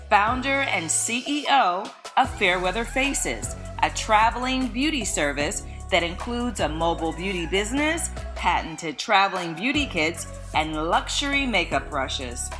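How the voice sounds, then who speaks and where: A woman hosting a podcast, reading a scripted introduction in an upbeat, announcing way. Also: medium pitch. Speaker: podcast host.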